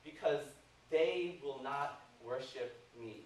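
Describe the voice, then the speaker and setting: A preacher acting out an enraged ancient king who shouts orders, in an echoey church with the mic at a distance. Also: mid-range voice, takes it slowly, close to an everyday voice. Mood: furious. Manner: ranting, raised voice. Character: furious shouting ancient king, male adult.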